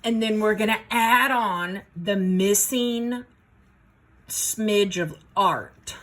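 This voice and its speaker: A woman's voice: medium pitch, drawn-out words, a bit bright. A woman teaching math in a casual, folksy way, talking herself through each step of a problem. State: a little out of breath. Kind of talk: casual worked-problem lesson.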